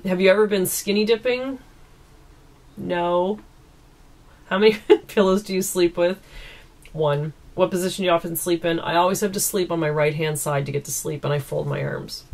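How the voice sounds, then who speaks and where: A woman's voice: fairly low pitch, steady tone, moderate pace, vocal fry, darkish tone. A woman from East Coast Canada, chatting casually and giggling as she answers viewer questions at home into a camera mic. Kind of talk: casual Q&A chat.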